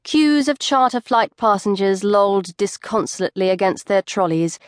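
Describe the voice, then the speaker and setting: A woman narrating a novel in an expressive, measured reading. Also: medium pitch, smooth, no room sound, clean studio sound. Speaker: audiobook narrator. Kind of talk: scripted narration.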